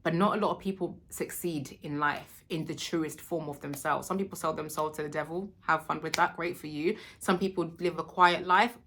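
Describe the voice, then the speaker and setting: Woman, bright lowish voice, talking to camera all soothing and sure, calls you sweetheart. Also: fairly even intonation, moderate pace, few pauses. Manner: affectionate, calls the viewer sweetheart and darling; emphatic, reassuring, spiritual. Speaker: vlogger giving encouragement. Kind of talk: casual motivational talk to camera.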